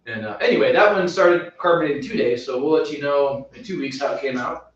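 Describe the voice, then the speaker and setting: A man walks through his brewing plans in a relaxed, rambling chat, restarting his phrases as he goes. He sits well back from the mic. The room is very echoey and the sound is dull. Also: fairly high pitch, a little fast. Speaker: homebrewing show host. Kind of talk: casual chat. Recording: roomy, distant, dull sound.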